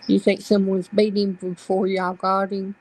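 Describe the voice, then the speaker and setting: A soft-spoken woman chatting casually on a livestream, relaying messages from the chat in a slow, gentle way. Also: medium pitch, completely flat delivery, slight background noise, rough recording.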